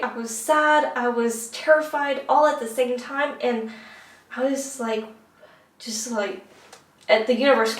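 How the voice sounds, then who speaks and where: A woman's voice: a little high, fairly even intonation, unhurried. A woman talking as a podcast guest, telling her personal story earnestly, with many fillers and restarts. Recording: roomy, distant mic.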